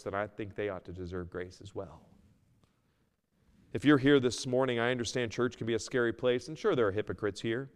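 A man preaching a sermon as pastor, earnest, moving between loud emphasis and a quiet plea. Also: medium pitch, in a large hall. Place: church sanctuary.

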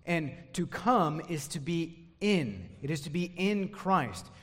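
A man's voice: fairly high pitch, animated, slow pace, long reverb tail. A man preaching an expository sermon, emphatic, often repeating words as he drives a point home.

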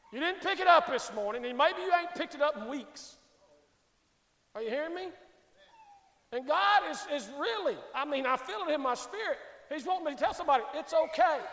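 A man, a pastor preaching a sermon. He swings from loud shouting to hushed, soft pleading. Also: very high-pitched. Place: church sanctuary. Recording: echoey church hall.

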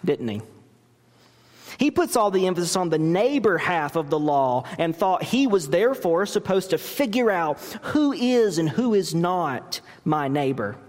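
A pastor delivers a sermon in a slow, deliberate cadence, his pitch rising and falling with lively animation. He preaches emphatically, leaning on rhetorical questions. His voice carries a long reverb from a large church hall.

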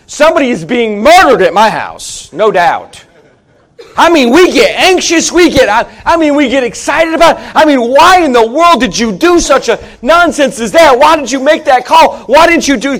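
A middle-aged man preaching a sermon in a conversational, joking way, with sudden loud outbursts. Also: extremely high pitch. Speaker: pastor.

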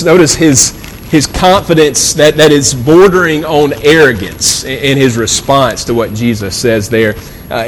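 A middle-pitched man delivers a sermon in an earnest, conversational way, stumbling and repeating words as he works through his point. His voice rings with the long reverb of a large hall. A faint low rumble sits underneath. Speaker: pastor.

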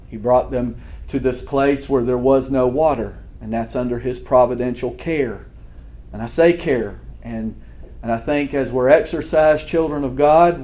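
A man's voice: mid-range voice, mellow. A man preaching a sermon as pastor, earnest and fervent, often restarting his words.

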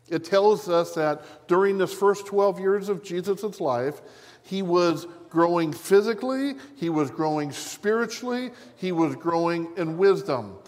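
A pastor giving a measured, deliberate sermon, repeating key phrases for emphasis. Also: male voice, on the high side, big-room sound. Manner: measured, deliberate preaching with repetition.

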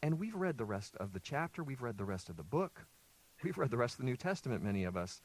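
A man's voice: mid-range voice, sing-song, fast talker, darkish tone. A male pastor preaching a sermon. He reads scripture aloud, explains it, and puts questions to the listeners before answering them himself.

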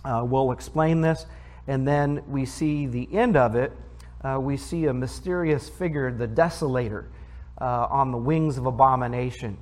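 A man preaches a teaching sermon at a middle pitch. He reads scripture aloud, then breaks it down in plain conversational talk. He often stops to put questions to the congregation. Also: normal speed. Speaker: pastor.

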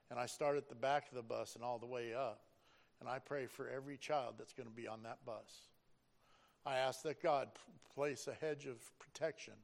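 A man's voice: mid-range voice, creaky. A middle-aged man giving an earnest, preacherly personal testimony about driving a school bus.

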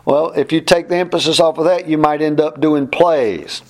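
A man's voice: on the high side, fairly even intonation, moderate pace. Emphatic plainspoken male Bible teacher. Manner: plainspoken, emphatic, repeats phrases. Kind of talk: verse-by-verse Bible class.

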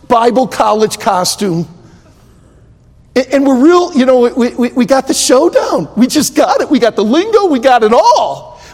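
An older male preacher with a high, husky voice that swings widely as he drives his points home. He repeats key phrases and punches them out, and the sound rings in a big echoey hall. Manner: emphatic, repetitive preaching with rising outbursts. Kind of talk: sermon.

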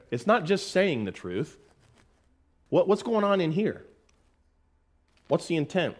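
Folksy preaching man, higher-pitched. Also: very animated. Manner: reads scripture slowly and emphatically. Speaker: pastor. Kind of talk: sermon.

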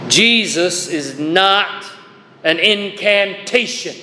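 A man's voice: sits high, takes it slowly, sharp tone, slight background noise. A man preaching a chapel sermon in a folksy, emphatic way, spelling out words to make his point. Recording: echoey chapel with long reverb.

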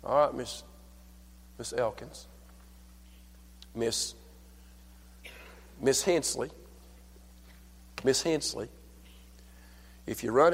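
An older man preaching a sermon at a church service. He tells folksy stories, calls for amen, and swings from hushed lines to loud, fervent preaching. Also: medium pitch, long reverb tail. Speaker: pastor.

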